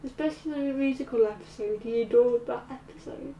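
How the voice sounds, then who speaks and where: A woman vlogger telling a personal story in a halting way, full of fillers. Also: sits high, creaky, dark tone, slight background noise. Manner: halting, slow, with many fillers. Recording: roomy, distant mic.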